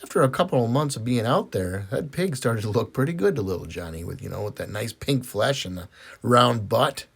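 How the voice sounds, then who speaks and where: A man telling dirty jokes as an animated, swooping storyteller. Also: medium pitch, a little fast, creaky, husky. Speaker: comedian.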